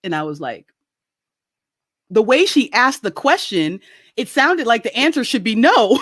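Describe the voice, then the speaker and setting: A woman's voice: on the high side, sing-song, moderate pace, dry recording, studio quality. A woman telling a story in casual chat on a video call. She talks animatedly, laughs often and acts out the quoted voices. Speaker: guest.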